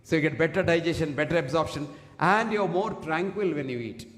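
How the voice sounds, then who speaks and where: A man from India delivers an emphatic public health talk to an audience, standing at a single fixed microphone and frequently putting questions to the listeners. His voice is fairly high and brisk, and the echoey hall adds a long reverb.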